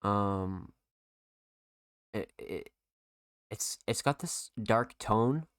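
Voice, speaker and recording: A man's voice: lowish voice, drawn-out words, smooth, no echo, studio quality. A young man hosting a podcast, giving a casual, profane music review full of fillers. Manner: profane, filler-heavy, enthusiastic.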